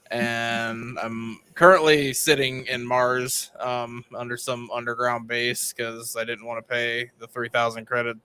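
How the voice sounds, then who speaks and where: A man co-hosts a casual gaming podcast chat, easygoing and hesitant with many fillers. His mid-range voice is bright, forceful and smooth.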